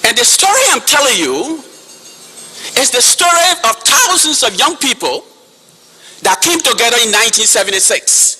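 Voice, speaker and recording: Liberian man, 50s, impassioned witness addressing a chairman; sharp bright tone. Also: very high voice, sing-song, moderate pace, husky, soft background music. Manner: forceful, repeats key words for emphasis, addresses the chairman. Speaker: witness giving testimony. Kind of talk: impassioned public testimony. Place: hall.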